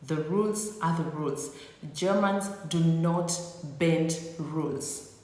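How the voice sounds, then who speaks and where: A woman's voice: low voice, slow pace, a little mellow. Sassy woman vlogger in an echoey room. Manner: sassy, teasing, playful exaggeration. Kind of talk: comedic talk to camera. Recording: echoey room with long reverb.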